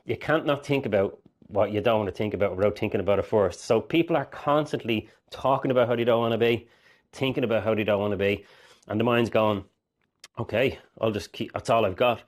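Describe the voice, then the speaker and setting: A man's voice: on the low side, fast. A man speaking as a mindset coach, earnest and rambling, often acting out inner voices. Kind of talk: direct-to-camera coaching talk.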